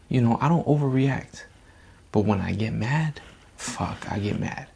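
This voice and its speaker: A man's voice: lowish voice, gravelly, darkish tone, slight background noise. A man talking candidly and at length in a casual reflective monologue, rambling and dropping slang as he talks. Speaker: vlogger.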